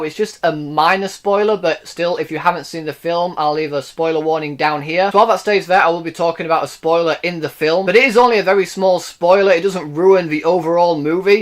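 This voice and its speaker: A man's voice: high voice, fairly bright tone. A young man reviewing a film to camera in a casual, enthusiastic, gushing way. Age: young adult. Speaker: movie reviewer.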